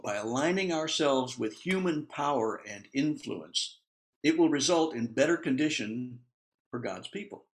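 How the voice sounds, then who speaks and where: A man teaching through a Bible passage in a conversational way, with asides, laughs and acted-out quotes. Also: a little high. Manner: animated, acts out quotes.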